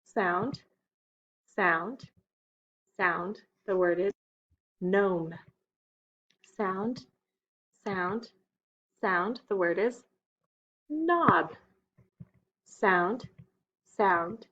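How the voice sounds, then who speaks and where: A woman's voice: medium pitch, a bit bright, lo-fi sound. A woman teaching young children a phonics lesson, patient and stretching out the key words.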